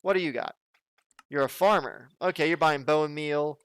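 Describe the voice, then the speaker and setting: Brief: a chatty, jokey man from the southern United States as a let's play host, with a smooth voice. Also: fairly high pitch, normal speed, fairly bright tone, dry recording. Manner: chatty, jokey, thinking aloud. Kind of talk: casual gameplay commentary.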